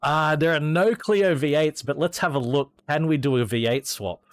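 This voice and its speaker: A man's voice: fairly high pitch, moderate pace, dry recording. An Australian man chatting casually as he streams a racing game, rambling with hesitations and restarts. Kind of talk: casual gameplay commentary.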